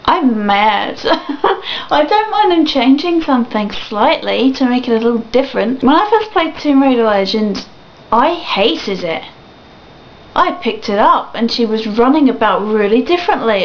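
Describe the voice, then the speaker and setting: A woman's voice: sits high, slight background noise. A young woman ranting animatedly on a video blog, swearing and laughing often. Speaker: vlogger. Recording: dull lo-fi webcam audio.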